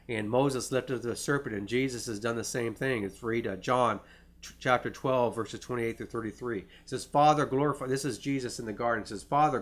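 Reading scripture aloud and frequently restarting his phrases, a middle-aged man delivers an earnest sermon in a mid-range voice.

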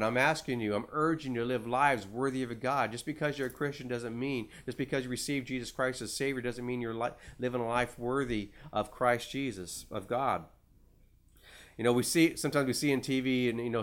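A man preaching a conversational sermon in an earnest, folksy way, with frequent filler words. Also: mid-range voice. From United States. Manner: folksy, many "you know" fillers, earnest.

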